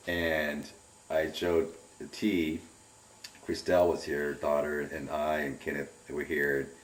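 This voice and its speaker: A middle-aged man giving a rambling, animated personal account in an interview, often repeating his words. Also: extremely low pitch. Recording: roomy and distant from the mic.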